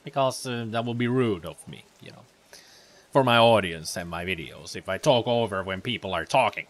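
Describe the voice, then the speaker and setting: A man's voice: fairly low pitch, moderate pace. A man from Finland, a let's play host giving chatty, rambling gameplay commentary.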